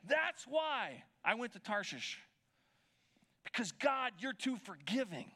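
Male pastor, bright and high-pitched, conversational sermon delivery that keeps checking in with the congregation. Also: big pitch swings, takes it slowly. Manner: conversational retelling, checking in with listeners.

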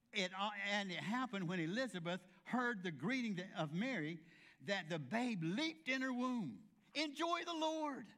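A male pastor with a high, fairly bright voice delivers a folksy sermon. He tells humorous stories with funny asides and acts out the voices of the people in them.

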